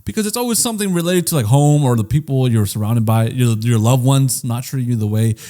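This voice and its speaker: A man's voice: mid-range voice, expressive, quick pace, mellow. A young man co-hosting a casual podcast, talking bluntly with lots of swearing and emphasis. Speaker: podcast co-host.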